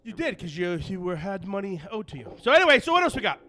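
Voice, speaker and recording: Loud and meandering, a middle-aged New Jersey podcast host tells drawn-out stories crammed with filler words during easygoing banter. He talks fast in a high, sing-song voice, using headphones and a studio microphone.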